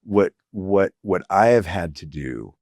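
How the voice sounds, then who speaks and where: A middle-aged male physician speaking in an interview, earnest and halting, searching for words and sometimes emotional. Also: deep voice, lively intonation, darkish tone, no room sound, clean studio sound. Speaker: physician guest. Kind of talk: reflective interview conversation.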